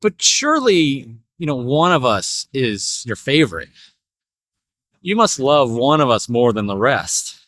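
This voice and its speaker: A man's voice: medium pitch, sing-song, unhurried, a bit bright, dry recording, clean studio sound, pitched below the performer's own voice. A man doing an earnest farm dog. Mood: pleading. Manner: earnest, pleading.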